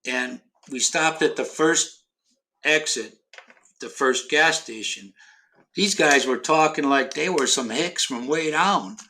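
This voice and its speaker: A man's voice: fairly high pitch, takes it slowly, bright, forceful tone, slight background noise. A middle-aged man from Ohio in casual chat, rambling with many restarts and fillers and casual swearing. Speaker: podcast host.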